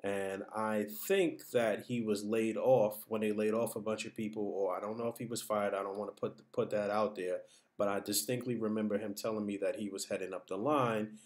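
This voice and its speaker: A man's voice: fairly low pitch, steady tone, moderate pace, a little mellow. A man giving casual, reflective vlog commentary on what he saw and heard. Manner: reflective, hedging, talks things through. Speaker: vlogger.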